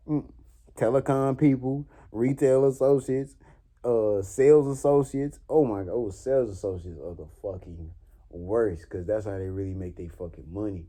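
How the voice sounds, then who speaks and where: Animated young man. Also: medium pitch, moderate pace. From New Orleans. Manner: animated, swearing, laughs often. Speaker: vlogger. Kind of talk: casual story time monologue.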